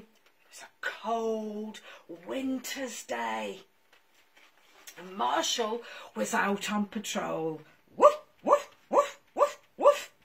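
High, slow storytelling woman. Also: gravelly. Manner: animated, playful, speaks to the children. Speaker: children's storyteller and song leader. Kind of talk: storytime for toddlers.

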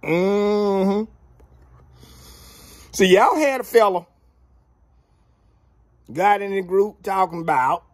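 A man's voice: high voice, slow pace, pauses often, no echo. A man giving a casual football recap, drawling and playfully trash-talking. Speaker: sports commentator vlogger.

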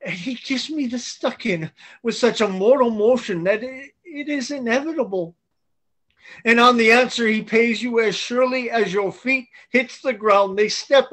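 Blustering scheming knight, read by a man, fairly high voice, video call reading. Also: a bit bright, exaggerated voice. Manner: blustering, persuasive delivery. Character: boisterous, scheming male knight. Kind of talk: Zoom play reading.

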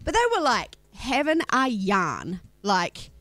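Animated kiwi woman radio host. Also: medium pitch, slow pace, dry recording. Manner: animated, giggly. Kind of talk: casual storytelling on radio.

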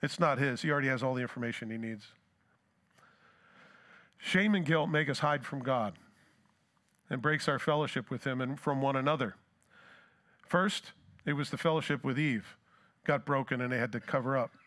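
A man's voice: medium pitch, normal speed, long pauses, a bit bright. A pastor preaching a sermon who asks his congregation rhetorical questions and acts out scripture dialogue.

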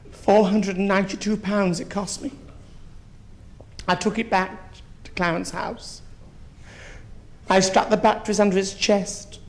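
A man, performing live on a theatre stage as a grand but foul-mouthed elderly queen mother. He tells his stories in a mock-genteel way and lands them with crude punchlines. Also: sits high. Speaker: drag comedian. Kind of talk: live stand-up drag act.

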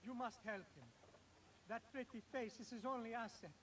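A man's voice: extremely high pitch, normal speed, distant mic, a little hiss or hum. An actor voicing a cocky young nobleman, speaking in teasing video game dialogue. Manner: teasing, lively. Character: young Italian Renaissance nobleman, cocky and playful.

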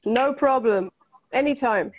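High, exasperated British lady tutor, a man faking it in falsetto; slow, mocking, dull lo-fi sound. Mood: breezy. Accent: British English. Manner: squeaky falsetto, mocking and exaggerated. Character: British woman accent coach, exasperated and shrill.

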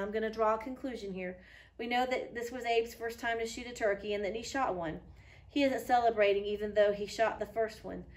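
A woman teacher reads a children's storybook aloud in a clear, patient way and pauses to explain what it means. Her voice sits in a middle register and is picked up from some distance. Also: mid-range voice. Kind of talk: reading a children's book aloud with comments. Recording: voice a little far from the mic.

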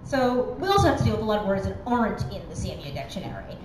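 Quick, chatty woman in an echoey hall. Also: mid-range voice, sing-song. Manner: quick, chatty and self-deprecating, with many fillers. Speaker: conference speaker. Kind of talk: conference talk. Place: conference hall. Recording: echoey hall with background noise.

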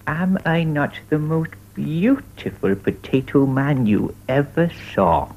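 A man voicing a proud, pompous talking potato man for a 1950s children's puppet show, speaking in a slow, stately, self-satisfied way. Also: a little high, sing-song, darkish tone, a little hiss or hum, full character voice. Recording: dull lo-fi 1950s television recording.

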